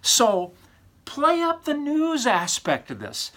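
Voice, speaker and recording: Over-animated man lecturing with a lively voice. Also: very high-pitched, takes it slowly. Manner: over-animated, breaks into exaggerated silly voices; emphatic and teasing, with rhetorical questions. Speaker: college communications professor. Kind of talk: recorded feedback lecture to students.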